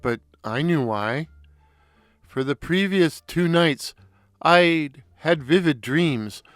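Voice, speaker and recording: A man narrating a first-person audio story in an unhurried, wry storytelling manner. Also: fairly high pitch, a bit bright, no room sound, studio quality.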